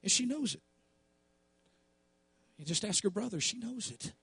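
A middle-aged man, a pastor preaching a sermon with passion, dropping to quiet asides and then rising to shouts. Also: sits high, lively intonation, moderate pace, creaky, breathy edge, no room sound.

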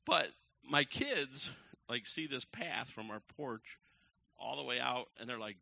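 A man telling a long personal story to a crowd from the pulpit, acting out each quoted person with sudden jumps in pitch and loudness. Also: measured pace, gravelly. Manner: animated, acts out the quoted people with big jumps in pitch and loudness. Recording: dull lo-fi recording.

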